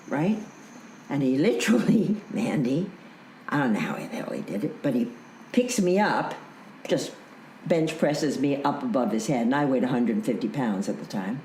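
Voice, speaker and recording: Animated storyteller woman in her eighties. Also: extremely low pitch, reverberant, slight background noise, low-quality recording. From Canada. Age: 80s. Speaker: interview guest, veteran actress. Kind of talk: telling a personal story in a casual interview.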